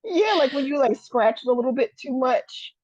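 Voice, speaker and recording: A sarcastic woman co-host recounting gossip in casual podcast chat, her voice sitting fairly high. The recording is dry and a little dull, as if the top end has been shaved off. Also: expressive, moderate pace, darkish tone, no echo. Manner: sarcastic, storytelling with blunt cursing.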